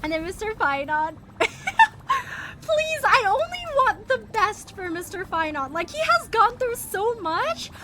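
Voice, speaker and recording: A woman's voice: very high-pitched, sing-song, slow, noisy background. A woman streamer chatting casually with her live chat, bubbly and giggly, greeting viewers by name, her voice still recovering from strain. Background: game music.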